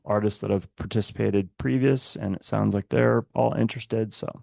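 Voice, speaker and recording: Gravelly-voiced man hosting a podcast. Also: fairly low pitch, steady tone, normal speed, darkish tone, no room sound, studio quality. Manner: easygoing, friendly, reads intros smoothly. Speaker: podcast host. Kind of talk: casual chat and show announcements.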